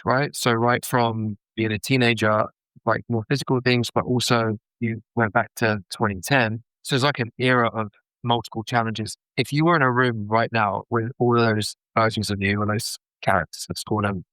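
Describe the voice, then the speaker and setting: A man hosting an interview, asking measured, thoughtful questions. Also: mid-range voice, fairly bright tone, no echo, poor audio. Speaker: podcast host.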